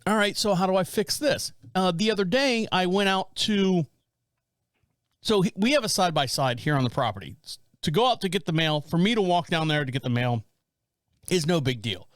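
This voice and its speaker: Quick and high-pitched, a man in his forties co-hosting a podcast rambles through a long story with lots of restarts, animated and conversational. The studio-quality sound has no echo.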